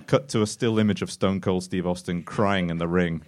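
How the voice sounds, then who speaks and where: A man's voice: deep voice, fairly even intonation, moderate pace, a little mellow. A man narrating a comic choose-your-own-adventure story in a mock-dramatic way, laughing at his own jokes. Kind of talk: comic storytelling before a live audience.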